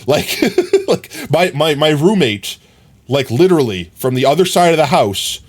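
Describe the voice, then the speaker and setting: A man's voice: fairly high pitch, sing-song, moderate pace, breathy edge. A man streaming live, chatting casually with viewers and telling stories in a loose, rambling way, full of fillers. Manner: reads and answers chat comments.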